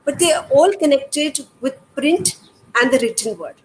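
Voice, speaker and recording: A middle-aged woman with an Indian English accent, an educator, explains reading activities to parents in a high-pitched, animated voice at a moderate pace. She is patient and demonstrative, asking rhetorical questions; the audio is poor with faint background noise.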